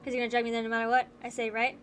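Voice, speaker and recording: A woman voicing a laid-back, defiant young man in a lower, dry, dismissive tone. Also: monotone, very fast, a bit bright, a little hiss or hum, natural voice. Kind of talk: voicing game dialogue.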